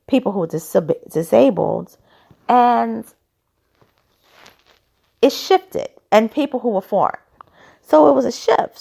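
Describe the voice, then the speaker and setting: A woman delivers casual commentary in a heavily gravelly, fry-laden voice whose pitch rises and falls with plenty of life. She sounds skeptical and opinionated, firing off rhetorical questions, and her throat is a little dry. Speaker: commentary vlogger.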